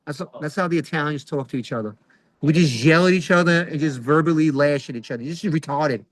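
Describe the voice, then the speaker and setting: A man's voice: a little high, fast, no room sound, low-quality recording. A middle-aged man doing a rambling stand-up comedy set over a video call, full of fillers and acted-out quotes. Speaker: stand-up comic.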